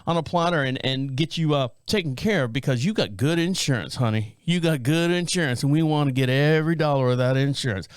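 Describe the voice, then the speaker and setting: A chatty female clinic receptionist played by a man drawls in a Southern accent, pitched well up into a high, sugary register. She talks in a folksy, drawn-out way and calls everyone honey. Her voice sounds close and dry. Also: clear, resonant tone, dry recording, natural voice. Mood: sweet.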